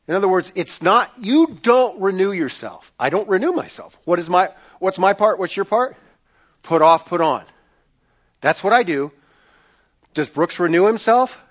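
A man's voice: on the high side, a bit bright. A middle-aged man preaching a sermon as a pastor, in an emphatic, repetitive preaching cadence.

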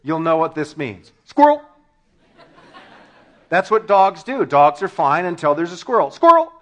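A man preaching a sermon to his congregation, telling funny stories with sudden shouted punchlines and laughing along. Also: a little high, normal speed. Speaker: pastor.

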